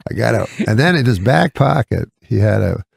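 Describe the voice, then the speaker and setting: Gravelly deadpan man telling a story. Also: medium pitch, no echo, clean studio sound. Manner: deadpan, rambling, halting restarts. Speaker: comedian guest. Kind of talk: casual storytelling on a podcast.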